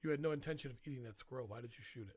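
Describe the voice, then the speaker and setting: A man's voice: mid-range voice, no echo. A man on a podcast, chatting casually and cracking sarcastic jokes. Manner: fast, loud, sarcastic joker. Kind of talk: casual chat.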